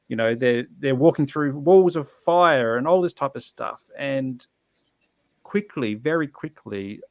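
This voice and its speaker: A man's voice: medium pitch, creaky, no echo. A man telling his personal story as a podcast guest, earnest and reflective, often restarting his sentences.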